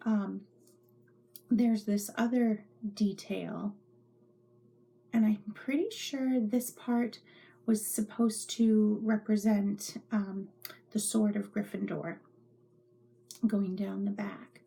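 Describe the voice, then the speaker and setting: A woman's voice: medium pitch, fairly even intonation, slow, gravelly, long pauses, warm tone, husky. A middle-aged woman hosting a knitting podcast from her home craft room, rambling chattily and often dropping into whispers. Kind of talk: casual show-and-tell chat.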